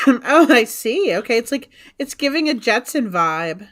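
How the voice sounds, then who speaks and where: Woman, livestream co-host, casual chat, insistent, argumentative, animated voice. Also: fairly high pitch, unhurried. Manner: insistent, argumentative, spells words out. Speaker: co-host of a live reselling stream.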